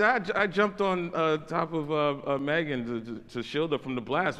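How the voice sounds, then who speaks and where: A man's voice: on the high side, moderate pace, few pauses, fairly bright tone, in a large hall. A man telling a funny backstage story on a conference stage, laughing through his words. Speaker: comedy writer and panel guest. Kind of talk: stage conversation telling an anecdote. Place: conference stage in a large hall.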